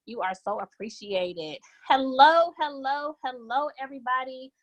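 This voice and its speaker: A woman with a high-pitched voice speaks unhurriedly in a rough recording with no room sound, over a laptop or phone on a conference line. She trains travel agents in an informal group-call presentation, upbeat and chatty, often tagging "okay?" to check in.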